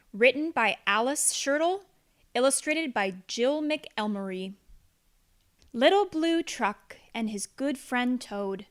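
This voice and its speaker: A woman reading a children's picture book aloud in an animated, sing-song way. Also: high-pitched. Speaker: storybook reader. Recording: roomy echo.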